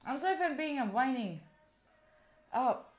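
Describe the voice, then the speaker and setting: A fairly high-voiced woman chats casually on a live stream, talking straight to her viewers and thinking aloud as she sets up. Soft music plays faintly behind her. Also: lively intonation, moderate pace. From Italy. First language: Italian. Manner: chatty, thinks aloud, talks straight to chat.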